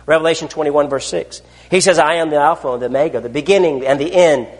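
A man preaching a sermon, asking his listeners rhetorical questions and swinging between loud declarations and hushed asides. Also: fairly high pitch, quick pace, long reverb tail. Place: church.

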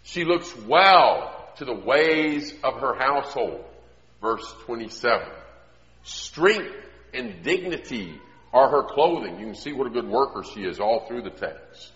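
A man preaching a sermon in an earnest way, often dropping to quiet emphasis. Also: medium pitch, very animated, unhurried. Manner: earnest, drops to quiet emphasis, acts out quoted voices. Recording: echoey hall, dull lo-fi sound.

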